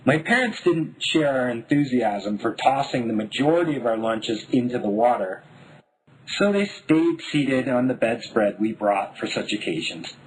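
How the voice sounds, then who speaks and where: A man from Denver narrating his own memoir in a wry, deadpan voice. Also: mid-range voice, normal speed, husky, low-quality recording. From Denver, United States. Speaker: memoir author.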